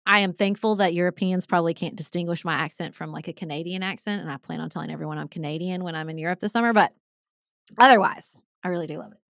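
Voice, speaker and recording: A woman's voice: on the low side, fast, creaky, fairly bright tone, no room sound. Chatty Southern woman, dry studio sound. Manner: chatty, enthusiastic, says "y'all". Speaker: podcast co-host. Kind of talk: casual conversational podcast chat.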